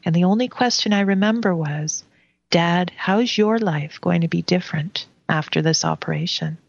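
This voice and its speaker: A woman telling a personal spiritual story in a soft, unhurried way during a conversation. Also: lowish voice, gravelly, dry recording, muffled recording.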